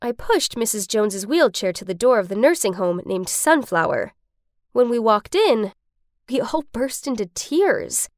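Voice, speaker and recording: Young woman narrator, slow and lively delivery, dry close recording. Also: fairly high pitch, dry recording. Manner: emotional first-person telling. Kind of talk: storytelling narration.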